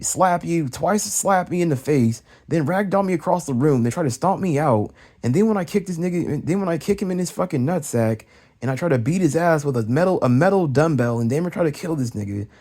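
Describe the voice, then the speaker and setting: Fast-ranting young man, dark voice. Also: a little high, lively intonation. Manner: agitated, profane, rapid-fire venting with restarts. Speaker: vlogger. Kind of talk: late-night rant.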